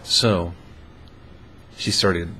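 A man casually telling a funny personal story, relaxed and amused, with frequent fillers. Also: sits low, extremely slow, a little hiss or hum. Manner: laid-back and amused, lots of "uh" fillers.

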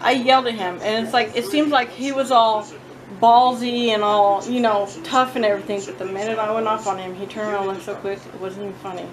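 A woman filming herself at home, telling a story-time vlog in a chatty, animated, blunt way. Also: mid-range voice, fairly quick, crowd noise. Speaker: vlogger. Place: at home with her cats. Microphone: own phone or camera, self-filmed.

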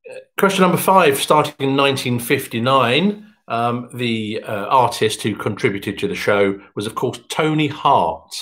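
Man, quiz host, chatty, jokey, mid-pitched voice. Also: expressive, moderate pace, a bit bright. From England. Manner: chatty, jokey, pitch jumps up when announcing. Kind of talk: online quiz hosting.

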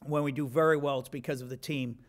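A man's voice: mid-range voice, fairly even intonation, fast. A man in his fifties giving a rambling, self-deprecating acceptance speech with many restarts.

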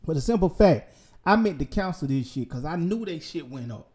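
Animated, profane young man ranting. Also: fairly high pitch, brisk. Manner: animated, profane ranting with sudden loud outbursts. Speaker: gaming vlogger. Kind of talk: casual ranting vlog.

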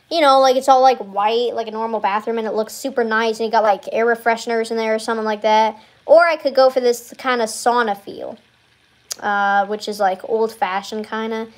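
A young woman streamer giving a casual, rambling tour of a building in a game, giggling often and stalling on many fillers. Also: a little high.

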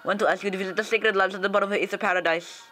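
A man's voice: high voice, fairly even intonation, rapid-fire, sharp tone, faint music behind. A man putting on a mock-Russian game official. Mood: formal. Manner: formal, stiff, mocking. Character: stern male officer reading game dialogue.

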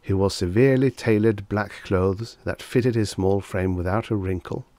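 Man, audiobook narrator, deep voice, steady storytelling, dry close recording. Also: normal speed, no room sound. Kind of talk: vintage short story reading.

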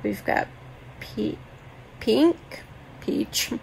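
A woman's voice: a little high, lively intonation, very slow, creaky, a little hiss or hum, rough recording. A woman beauty vlogger chatting casually and gushing while she shows off her makeup collection. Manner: chatty, gushing over products.

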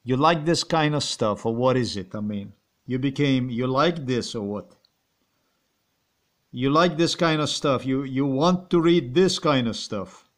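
A man's voice: medium pitch, animated, measured pace. A man with a Slovenian accent rambling and ranting in a monologue, swearing and firing off repeated rhetorical questions. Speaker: vlogger.

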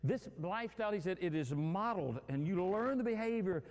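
A male pastor preaching a sermon in an animated, humorous way, acting out everyday scenes. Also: high voice, fairly quick, long reverb tail. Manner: animated, acts out quarrels and phone calls with humor.

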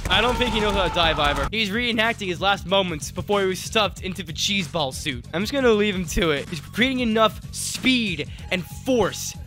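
A man's voice: high voice, lively intonation, moderate pace, hardly any pauses. A man giving joking, jumpy let's play commentary, yelping and laughing as he plays, recorded on a close mic with game music behind. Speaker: gaming YouTuber.

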